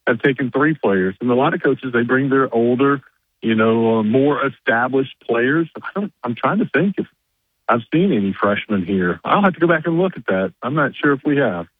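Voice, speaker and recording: A man's voice: mid-range voice, animated, normal speed, husky, dry recording. Rambling man on a tinny phone line. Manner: rambling, filler-heavy, loses his train of thought. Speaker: reporter calling in from media days. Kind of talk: casual radio chat.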